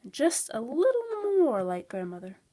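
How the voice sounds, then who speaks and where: A woman's voice: fairly high pitch, wildly swooping pitch, moderate pace, warm tone. A woman voicing a sly, wicked male wolf in a playful storybook delivery.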